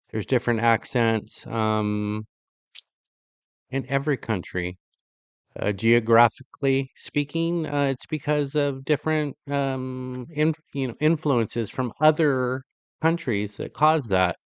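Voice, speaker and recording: A middle-aged man from California hosts a casual reaction vlog, drifting through rambling commentary full of sarcastic asides. His voice is smooth and clear. It sits dry and close to the mic, with no room sound. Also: mid-range voice, no echo. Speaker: vlog host.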